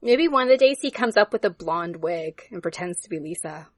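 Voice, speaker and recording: A woman's voice: on the low side, animated, a little fast, noisy background. A woman co-hosting a podcast, chatting playfully and giggling often. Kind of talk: casual chat.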